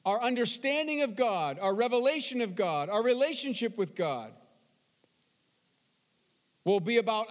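A man preaching a sermon, expressive, reading scripture slowly and with emphasis. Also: extremely high pitch, in a large hall. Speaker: pastor.

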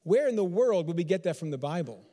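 High-voiced preaching man in a reverberant hall. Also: lively intonation, quick pace, mellow. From Texas. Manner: repetitive, emphatic rhetorical questions. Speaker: pastor. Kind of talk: sermon.

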